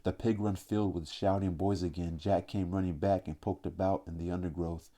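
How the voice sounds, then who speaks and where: A man reading a classic novel aloud as an audiobook, in a steady, measured way. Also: sits low. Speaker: audiobook reader. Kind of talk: audiobook narration.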